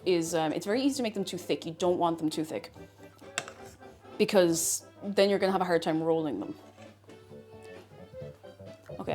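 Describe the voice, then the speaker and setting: A woman's voice: lowish voice, darkish tone. A woman with an Irish accent, a streamer chatting casually while she cooks, rambling and often cutting herself off mid-sentence. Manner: rambling, chatty, self-interrupting. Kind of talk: casual chat while cooking.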